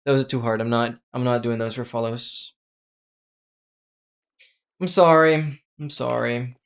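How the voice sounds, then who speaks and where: Unhurried yet excitable, a game streamer with a mid-range voice chats casually during live gameplay, often exclaiming and thanking viewers.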